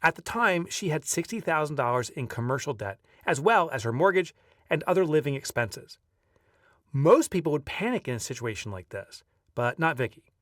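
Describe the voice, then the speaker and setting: A man reading his own audiobook aloud, lively as a storyteller and breaking off now and then for casual asides. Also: a little high, normal speed, dry recording, clean studio sound, distant mic. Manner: lively storyteller who breaks off to chat offhand. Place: video recording setup.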